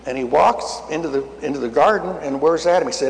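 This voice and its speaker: A man's voice: on the high side, fairly quick, vocal fry, hardly any pauses. An older man preaching a sermon, telling a story in a folksy way and acting out the dialogue, his voice rising to emphatic peaks. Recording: long hall reverb.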